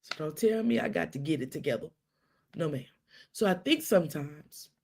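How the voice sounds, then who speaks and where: A middle-aged woman hosting a live stream, telling stories with quoted dialogue and hushed asides. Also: low-pitched. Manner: animated storytelling with quoted dialogue and dramatic hushes. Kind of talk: casual live-stream talk.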